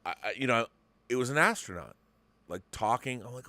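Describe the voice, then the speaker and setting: A man in his fifties hosting a casual talk show, telling a story with excitement and many restarts. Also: mid-range voice, brisk, no room sound. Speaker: host. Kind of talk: casual podcast chat.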